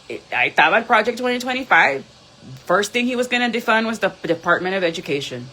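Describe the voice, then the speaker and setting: A woman's voice: lowish voice, a bit bright, a little hiss or hum, rough recording. A woman doing a live tarot reading, blunt and profane, switching between English and Spanish. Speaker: tarot reader.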